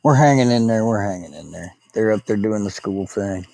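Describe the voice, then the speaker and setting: A man's voice: lowish voice, fairly quick, vocal fry, darkish tone, dry recording. Candid man in his fifties, dry sound. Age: 50s. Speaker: guest on a group call. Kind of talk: casual chat.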